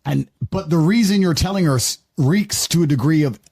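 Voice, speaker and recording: A man's voice: a little high, fairly quick, creaky, a little mellow, husky. A man giving emphatic motivational advice in a podcast conversation, lecturing his listeners.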